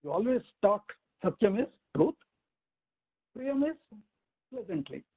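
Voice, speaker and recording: A man's voice: high-pitched, very animated, slightly rough. Man teaching over a tinny line. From India. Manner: explains step by step, asking rhetorical questions and reciting Sanskrit verses slowly. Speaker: teacher of a scripture class. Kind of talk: weekly online scripture lesson.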